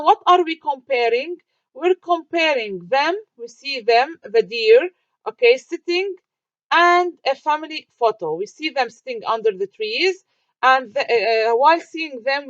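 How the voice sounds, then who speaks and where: In a dry, muffled lo-fi recording with no echo, a woman lectures as a teacher, walking through material step by step and answering her own questions amid fillers and restarts. She has a high voice with lively intonation and a measured pace.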